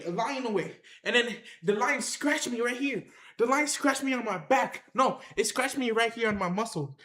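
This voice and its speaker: A man with a high, bright voice tells a rambling tale on a livestream, looping back over himself and calling out to his viewers. The sound bounces around an echoey room. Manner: animated, repetitive, addresses the chat directly.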